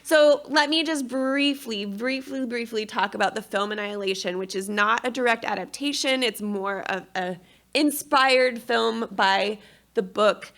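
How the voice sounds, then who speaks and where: At an academic conference, a woman presents a paper at a measured pace in a slightly high voice. She shifts between scholarly commentary and frank, expressive personal storytelling.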